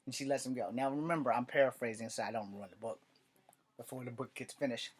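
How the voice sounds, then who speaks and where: A man's voice: medium pitch, fairly even intonation, fast, a little hiss or hum. Rambling, profane man recapping his story. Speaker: writer and channel host. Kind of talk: casual storytelling vlog.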